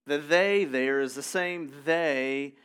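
A man's voice: on the high side, slow pace, fairly bright tone, smooth. A man preaching a sermon in a conversational way, reading scripture aloud and adding casual asides. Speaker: pastor.

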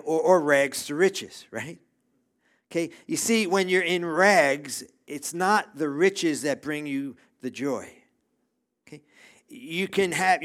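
A man's voice: on the high side, fairly bright tone. A middle-aged man preaching a sermon to a congregation. He talks emphatically, repeats his phrases and keeps checking in with "okay?". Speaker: pastor. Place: church room with a congregation.

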